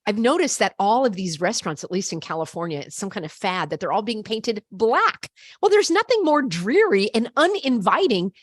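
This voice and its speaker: A woman's voice: medium pitch, big pitch swings, normal speed, no echo. An older woman telling a story to camera in an emphatic, indignant way. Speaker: vlogger.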